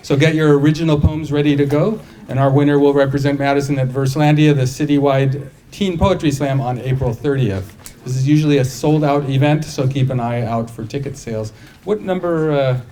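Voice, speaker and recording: Guy emceeing a live story night, easygoing chatty announcements, mid pitch, lots of ums. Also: normal speed, warm tone, a little hiss or hum. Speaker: event host. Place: live event venue with an audience.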